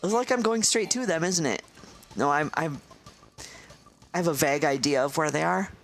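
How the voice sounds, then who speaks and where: A woman's voice: deep voice, normal speed. A woman streamer giving casual, profane, sarcastic commentary while playing a game. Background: game music.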